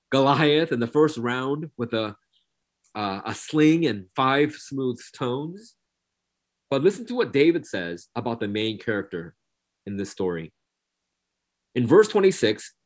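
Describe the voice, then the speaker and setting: A man preaching a sermon who reads scripture aloud and repeats key phrases for emphasis. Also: mid-range voice.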